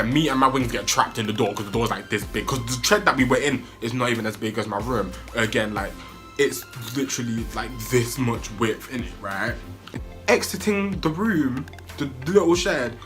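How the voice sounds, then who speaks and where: Young man, lively storyteller with a bright voice and big swings in pitch. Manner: animated, excitable storytelling with sudden high-pitched yelps. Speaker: vlogger. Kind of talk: storytime vlog.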